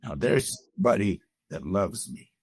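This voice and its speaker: Earnest low-voiced man telling his story. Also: big pitch swings, moderate pace, darkish tone, slightly rough, no room sound, clean studio sound. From Canada. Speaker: guest sharing his story. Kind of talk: personal testimony in conversation.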